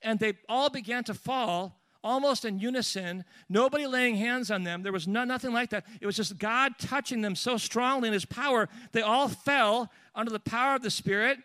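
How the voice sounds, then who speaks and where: A man preaching and telling a lively personal story, with restarts and asides along the way. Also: very high voice, normal speed, hardly any pauses, no room sound. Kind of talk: storytelling sermon.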